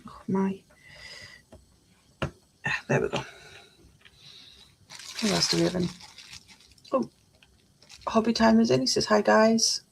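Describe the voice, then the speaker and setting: A woman's voice: medium pitch, slow pace, gravelly, pauses often, slight background noise. A woman chatting casually on a live stream, reading out chat messages while she builds a model kit at her desk.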